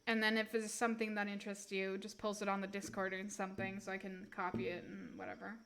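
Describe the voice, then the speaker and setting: A young woman chatting casually with her chat while reading tarot on a live stream, relaxed and swearing offhand. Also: medium pitch, fast talker.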